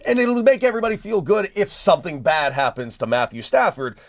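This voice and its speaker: A man's voice: sits high, big pitch swings, fairly quick, hardly any pauses. A man arguing opinionated points on a sports talk radio show, emphatic and direct. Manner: emphatic, argumentative.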